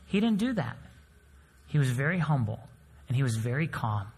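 Animated preacher in a reverberant hall. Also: male voice, mid-range voice, brisk, breathy edge. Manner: animated storytelling, swings between loud emphasis and soft near-whispers. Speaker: pastor. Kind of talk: sermon.

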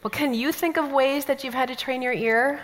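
A woman from the American Midwest teaching a Bible study, telling stories with lively asides. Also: high-pitched, normal speed. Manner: animated storytelling, lively asides. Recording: long hall reverb.

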